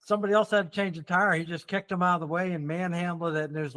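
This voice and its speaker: Relaxed male interviewer, slightly high voice. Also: fast talker. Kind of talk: casual interview chat.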